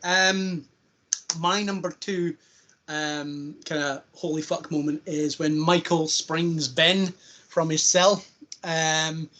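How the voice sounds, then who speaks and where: A man hosting a casual podcast chat, rambling with plenty of fillers and breaking into quick impressions of scenes. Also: a little high, a bit bright. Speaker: podcast host.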